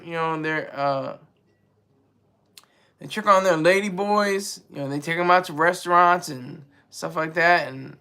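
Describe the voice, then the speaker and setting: A man's voice: a little high, bright, forceful tone. A man hosting a casual livestream, rambling and joking as he answers his chat. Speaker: livestream host.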